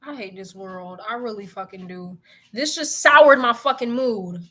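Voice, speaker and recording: Young woman vlogger, bright and high-ish, casual exasperated profane rants. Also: measured pace. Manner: animated, profane and exasperated ranting. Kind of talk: casual chat to viewers.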